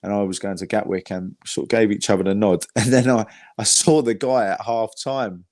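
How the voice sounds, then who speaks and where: Guy, lowish voice, dry close sound, chatty and sweary guest storyteller. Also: fairly even intonation, fairly quick, darkish tone, dry recording. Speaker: guest, football fan. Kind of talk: casual podcast chat.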